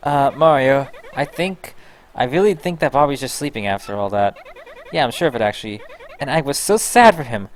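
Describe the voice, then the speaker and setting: A man's voice: mid-range voice, a little fast, natural voice. A man doing a chirpy young sidekick. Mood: excited. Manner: excited, chatty.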